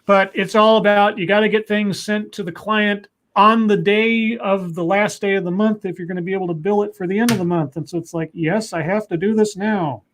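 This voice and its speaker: A man's voice: high-pitched, steady tone, a little fast, hardly any pauses, fairly bright tone. A man co-hosting a live stream, reading viewer messages aloud and chatting in a rambling way with many restarts. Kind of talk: casual live-stream chat.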